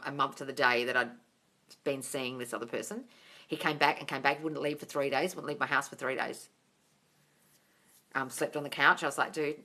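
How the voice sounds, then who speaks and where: Sitting low in pitch, her voice sounds pushed and bright. She's a manifestation coach running a live-stream Q&A, reading out viewer comments and replying with bubbly energy, squealing and laughing a lot.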